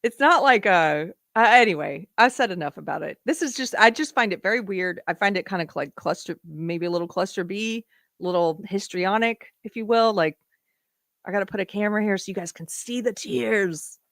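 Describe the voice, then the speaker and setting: A woman's voice: medium pitch, moderate pace, fairly bright tone, no echo, studio quality. A woman from South Carolina hosting a live political show, giving emphatic, opinionated commentary and reading out viewer donations.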